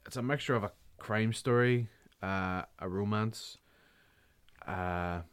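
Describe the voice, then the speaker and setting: A man's voice: on the low side, takes it slowly, smooth. A man chatting casually about films, swearing often, rambling and laughing a lot. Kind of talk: casual film chat.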